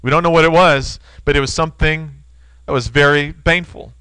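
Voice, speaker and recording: A man's voice: on the high side, fairly even intonation, moderate pace, sharp tone, clean tone, dry recording, low-quality recording. A man in his thirties preaching a sermon, earnest and storytelling, speaking to his listeners as friends.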